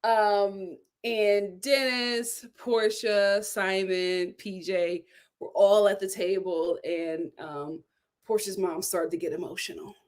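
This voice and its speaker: A woman giving sassy, animated commentary on a reality show, laughing at her own jokes. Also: medium pitch, slow. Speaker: reality TV reviewer. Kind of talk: casual commentary.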